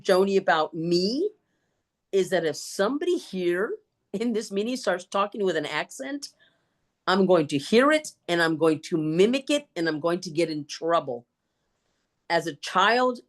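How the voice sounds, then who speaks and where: Animated woman storyteller on a video call. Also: fairly low pitch. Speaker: guest speaker. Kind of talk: Q&A answers in an online meeting.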